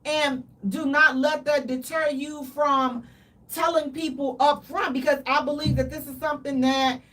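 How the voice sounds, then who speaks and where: A woman co-hosting a casual radio talk show, animated and dramatic, with playful exaggeration. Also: sits high, a little slow, distant mic.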